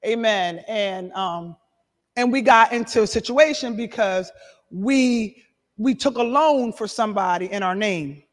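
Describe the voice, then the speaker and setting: A middle-aged woman pastor preaching a sermon and giving her testimony, animated, shouting and laughing between lines. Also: medium pitch, unhurried. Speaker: apostle and pastor. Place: church sanctuary. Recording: reverberant hall.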